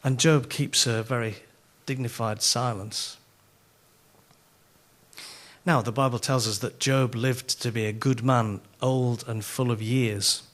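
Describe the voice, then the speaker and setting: A middle-aged conference speaker with a Yorkshire accent delivers a sermon full of humorous stories, speaking slowly at an ordinary middle pitch. He tells his tales animatedly and pokes fun at himself.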